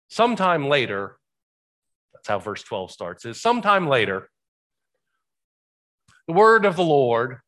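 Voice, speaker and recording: Bright-voiced man preaching a sermon. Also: fairly low pitch. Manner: conversational, rhetorical questions, shifting emphasis. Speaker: pastor.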